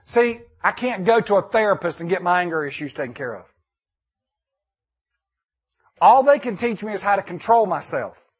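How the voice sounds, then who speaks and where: High-voiced emphatic preacher, a man. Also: sing-song, slightly rough. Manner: emphatic preaching with dramatic pauses and repetition. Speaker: pastor. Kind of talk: sermon.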